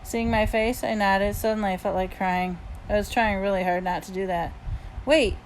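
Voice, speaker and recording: A woman's voice: mid-range voice, little pitch movement, normal speed, slight background noise, rough recording. A woman reading a novel aloud in the first person, with plain, easygoing storytelling. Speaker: audiobook reader.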